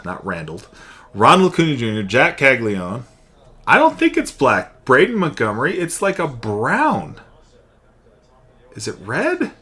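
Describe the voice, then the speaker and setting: Hosting a live stream of card openings, a young man talks casually and names each card as it comes out. He has a mid-range voice that's a bit bright.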